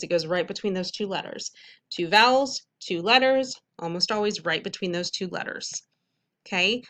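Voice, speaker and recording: Woman, teacher, bright voice, clear and patient, stretches sounds slowly, recorded phonics lesson. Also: mid-range voice.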